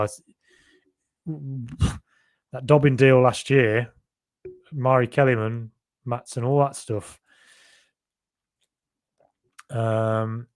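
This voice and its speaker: A young man from Solihull with a faded Birmingham accent, hosting a casual podcast chat and rambling as he reads out viewer comments. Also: mid-range voice. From Solihull, Birmingham area. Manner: rambling, self-correcting, chatty. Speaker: podcast host.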